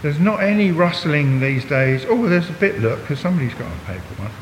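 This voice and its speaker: This Englishman in his sixties, a visiting preacher, has a sing-song voice and speaks fairly quickly. His church-hall talk is chatty and full of jokes, aimed directly at the congregation to pull them in, and long reverb and a faint rumble color the audio.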